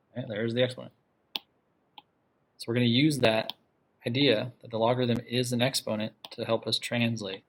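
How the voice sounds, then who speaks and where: A man's voice: medium pitch, flat delivery, fairly quick, creaky, a bit bright. A man teaching a math class, explaining step by step and often stopping to ask "okay?" to check that his students follow. He asks the class questions and repeats the key ideas. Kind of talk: classroom lecture.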